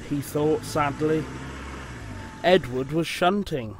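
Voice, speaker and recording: A man narrates a children's storybook at an unhurried pace. His voice sits a little higher than most men's and stays measured. A noisy hiss is heard throughout. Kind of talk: storybook reading.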